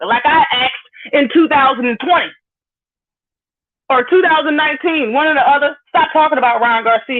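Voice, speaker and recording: A woman hosting a live stream, ranting bluntly and profanely while greeting viewers in the chat. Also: high-pitched. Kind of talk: heated live-stream rant. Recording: phone-like lo-fi audio.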